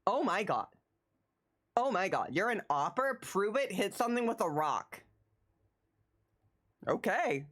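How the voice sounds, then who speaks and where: A woman streaming live, chatting casually in an excitable, rambling way and repeating her phrases. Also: medium pitch, measured pace, long pauses. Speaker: livestreamer.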